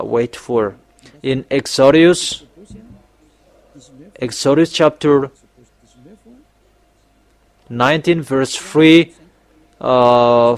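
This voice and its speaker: A man preaching a sermon, emphatic and often rising to loud exhortations. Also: mid-range voice.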